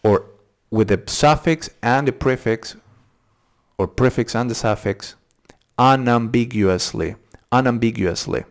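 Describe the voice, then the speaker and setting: A man hosting a casual, unscripted pronunciation lesson, repeating tricky words slowly syllable by syllable and thinking aloud as he goes. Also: mid-range voice. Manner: thinks aloud with fillers and restarts. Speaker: English pronunciation channel host.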